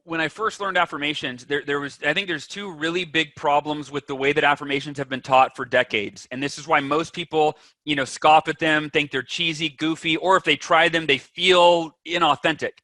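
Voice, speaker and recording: A man's voice: on the high side, fairly even intonation, moderate pace, few pauses, bright, forceful tone, dry recording. A man guest on a podcast, talking with energy and emphasis and acting out the voices in people's heads. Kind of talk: animated interview talk.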